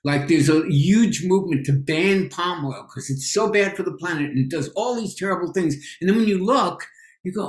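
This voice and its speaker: An opinionated man with a New York accent, speaking a little high for a man. He presses his points with emphasis, and the roomy recording echoes around him. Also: moderate pace. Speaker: podcast guest, nutrition expert. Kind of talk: casual podcast chat.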